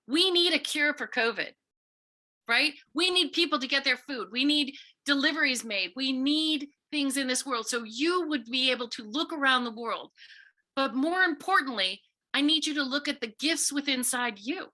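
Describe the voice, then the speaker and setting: Bright-voiced woman author talking to children. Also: high-pitched, animated, moderate pace. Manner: earnest, storytelling, acts out quoted voices. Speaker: visiting author speaking to students. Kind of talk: school talk to children.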